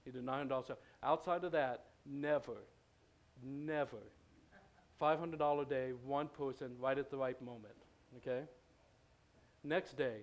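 A man's voice: medium pitch, fairly even intonation, moderate pace. A man preaching in a church, telling a story in a loose, conversational way, with many fillers and restarts. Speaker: pastor. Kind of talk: storytelling sermon.

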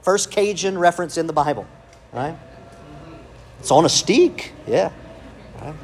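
A pastor delivers an emphatic sermon. His voice sits a bit high for a man, and he presses his points with rhetorical questions and calls of amen. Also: animated, a little slow, a little hiss or hum.

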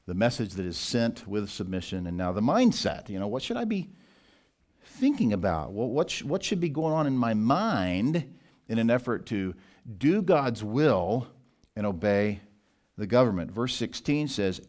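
A male pastor delivers an expository sermon with a low-pitched voice. He teaches deliberately and slows down to read scripture passages. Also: animated, darkish tone.

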